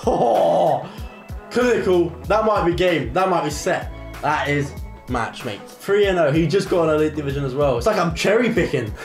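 A young man giving excitable live gameplay commentary, bursting into shouts and repeated cheers. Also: on the high side, normal speed. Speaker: gaming creator. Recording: roomy echo with faint music.

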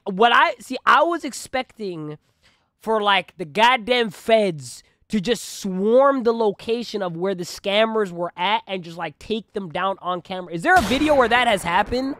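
A young man hosting a reaction channel, chatting casually and excitedly with lots of slang and swearing. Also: high-pitched, no echo. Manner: slangy, animated, swears often.

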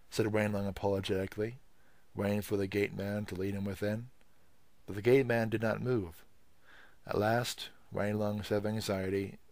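Low-voiced man reading a novel aloud. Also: level tone, normal speed, darkish tone, dry recording. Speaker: audiobook reader. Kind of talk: novel narration.

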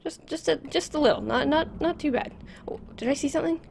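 A woman commenting on a horror game as she plays it, close to a desk microphone, nervous and repeating words in quick bursts. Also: high voice, gravelly, a little mellow, a little hiss or hum. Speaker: gameplay commentator.

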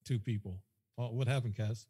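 Rambling male guest storyteller, husky, long echo. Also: medium pitch, steady tone, moderate pace, mellow. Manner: rambling, repeats himself, quotes dialogue. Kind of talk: casual storytelling.

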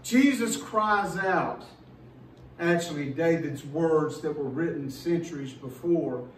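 A pastor preaching a sermon in an earnest, emphatic way, slowing down and repeating words as he builds a point. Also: high-pitched, expressive, reverberant, recorded from a distance, slight background noise, low-quality recording.

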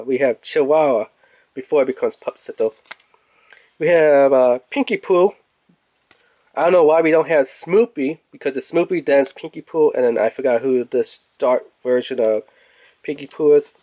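A man's voice: fairly high pitch, a little mellow, no room sound. Chatty young man, dry close sound. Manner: rambling, chatty, laughs at own jokes. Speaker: toy reviewer. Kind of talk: casual unboxing review.

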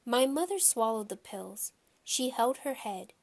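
A woman narrating a children's audiobook in a lively first-person storytelling voice. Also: medium pitch, unhurried.

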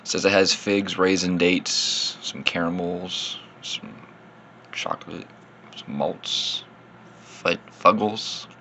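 A man's voice: low voice, takes it slowly, sharp tone, slight background noise. A man, slightly tipsy, rambling casually through a beer tasting in his vlog and poking fun at himself. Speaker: beer reviewer.

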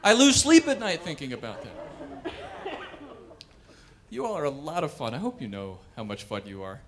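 Animated man doing stand-up comedy. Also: on the high side, moderate pace, background noise. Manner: animated, wry. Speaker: comedian and pianist. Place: cultural center stage.

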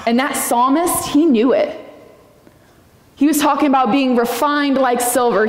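A young woman preaching a sermon in a church, earnest and personal, sometimes acting out prayers in a raised voice. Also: a little high. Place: church sanctuary. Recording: echoey hall with long reverb.

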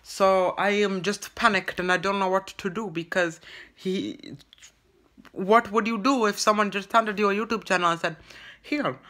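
Bright, halting vlogger in a put-on broken English. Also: medium pitch, steady tone. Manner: halting and rambling, full of stammered restarts. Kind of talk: comedic vlog monologue in character.

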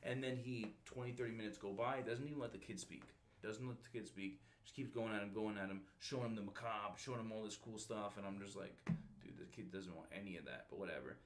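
Low-voiced male podcast host, a recruiter, animated, slangy storyteller. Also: fast talker. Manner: animated slangy storyteller, says bro and dude. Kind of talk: casual storytelling chat.

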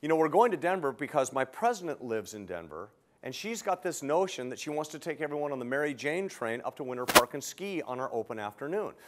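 A man's voice: mid-range voice, sing-song, fast, hardly any pauses, a little hiss or hum. An older man teaching hotel sales, telling a story and acting out both sides of his phone calls.

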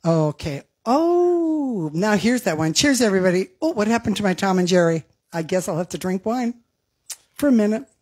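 A woman's voice: medium pitch, animated, brisk, a little mellow. A woman singer hosting an online holiday show, chatting casually between songs, laughing and reading out viewer comments. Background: backing music.

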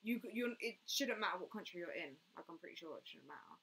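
A woman's voice: lowish voice, animated, quick pace, vocal fry, fairly bright tone, breathy edge. A young woman hosting a casual fitness live stream, chatting and answering viewer comments with lots of "like" and "mate".

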